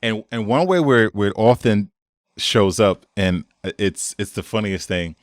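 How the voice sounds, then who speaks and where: A man's voice: fairly low pitch, unhurried, dry recording, clean studio sound. A man as a podcast guest, telling stories in casual conversation, acting out quotes and laughing often. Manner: animated storyteller, acts out quotes, laughs often.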